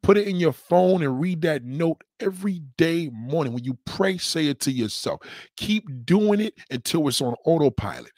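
A man hosting a livestream, giving a blunt, profane motivational rant and slowly repeating a mantra. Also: fairly high pitch, dry recording, clean studio sound. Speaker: livestream host.

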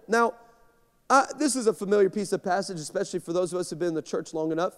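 A man preaching from the pulpit in a big church, his raised, bright voice carrying through a long, ringing reverb. He tells stories with energy and repeats himself as he presses his points. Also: high-pitched, fast. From Texas. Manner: energetic, storytelling, repeats words when excited. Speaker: guest pastor. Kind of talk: sermon. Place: large church sanctuary.

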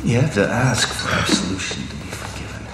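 Gravelly, deadpan John Constantine. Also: male voice, deep voice, a little fast, over loud music, full character voice. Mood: contemptuous. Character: weary cynical male exorcist. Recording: echoey noisy film clip.

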